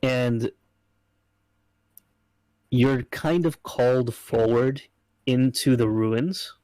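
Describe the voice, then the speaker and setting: A man's voice: medium pitch, extremely slow, darkish tone, no room sound, low-quality recording. A man narrating as game master in a loose, casual way, full of fillers.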